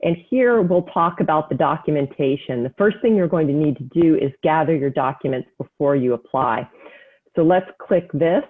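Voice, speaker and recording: Lady hosting a county webinar, calm and clear, spells stuff out slow, tinny phone-ish sound. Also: deep voice. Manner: clear, measured, spells things out slowly. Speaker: webinar host, county economic development staff. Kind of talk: scripted webinar presentation.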